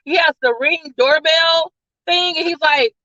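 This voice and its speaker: High bright-voiced woman reviewing a movie. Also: fairly even intonation, a little slow, dry recording, lo-fi sound. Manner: rambling, full of "like" and "all of a sudden". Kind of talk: casual spoiler-filled plot recap.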